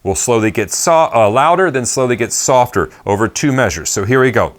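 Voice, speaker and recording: A man's voice: mid-range voice, animated, brisk. A man giving a casual drum lesson at his kit, talking in a loose, chatty way with rambling asides. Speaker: drum teacher.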